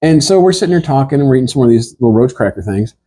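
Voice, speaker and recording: A man telling a rambling, animated comic story, laughing through it and acting out the people in it. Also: medium pitch, racing, slightly rough.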